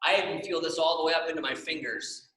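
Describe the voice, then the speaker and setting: A man's voice: fairly high pitch, fairly even intonation, fast talker, pushed and bright, roomy sound, distant mic, a little hiss or hum, poor audio. A young man leading a stretching class, upbeat and encouraging, often checking in with the class. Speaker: exercise class instructor.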